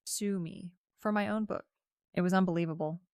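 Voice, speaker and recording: A woman's voice: on the low side, steady tone, moderate pace, a little mellow, clear, resonant tone, dry recording, clean studio sound. Chatty young woman narrating her own story. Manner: casual and chatty, peppered with "like". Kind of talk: first-person story narration.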